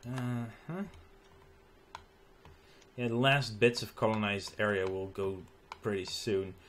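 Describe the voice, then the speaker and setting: A tired man thinking aloud as he plays a strategy game late at night, halting with ums and restarts. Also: fairly low pitch, little pitch movement, fairly bright tone, slight background noise. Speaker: gaming channel host. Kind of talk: let's play commentary.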